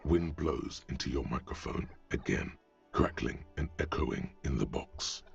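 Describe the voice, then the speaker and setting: A grave, brooding inner-voice narrator in a video game. The voice is extremely deep and gravelly. The game audio is a little dull, with faint music under it. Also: male voice, lively intonation, unhurried, full character voice.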